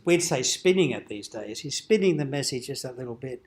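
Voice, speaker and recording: A man's voice: medium pitch, lively intonation, fairly quick. Man teaching in a conversational way. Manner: conversational explainer, dramatizes quoted lines with raised emphasis. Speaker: dean presenting an adult education forum. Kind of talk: informal teaching lecture. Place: cathedral forum room.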